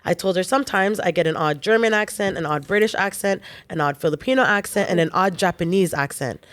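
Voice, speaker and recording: A woman co-hosting a chat show, reading a listener's post aloud with quick casual asides. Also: lowish voice.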